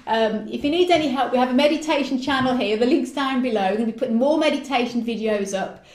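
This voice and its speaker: A woman's voice: a little high, fast talker, a little mellow. A woman in her forties co-hosting a casual wellness chat, chatty and enthusiastic as she recommends remedies. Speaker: co-host. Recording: echoey room.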